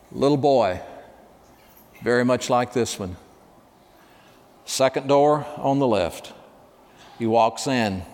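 A man preaching a sermon, telling a story with dramatic pauses and dropping to a hush at emotional moments. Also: mid-range voice, in a large hall. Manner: dramatic, hushed at emotional moments, acts out dialogue.

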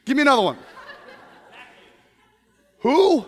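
A man preaching a lively sermon, joking with the congregation and acting out Bible characters as he goes. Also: very high voice, a little fast. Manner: playful, jokes with the crowd, acts out Bible characters. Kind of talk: animated sermon. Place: church sanctuary. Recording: long reverb of a large hall.

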